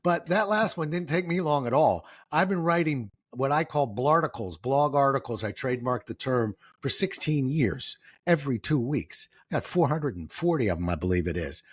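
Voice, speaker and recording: A middle-aged man, guest on an interview, telling stories in a lively way, acting out quoted voices and getting emotional. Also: mid-range voice, moderate pace, few pauses, breathy edge, no echo. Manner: animated, acts out quoted voices, gets emotional. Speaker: guest, author and speaker. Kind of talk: storytelling interview answers.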